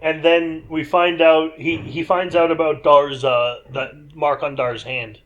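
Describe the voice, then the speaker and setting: Man, podcast co-host, casual movie recap, jokey, enthusiastic, fairly high voice. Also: level tone, muffled recording, a little hiss or hum. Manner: enthusiastic, quick to riff and joke.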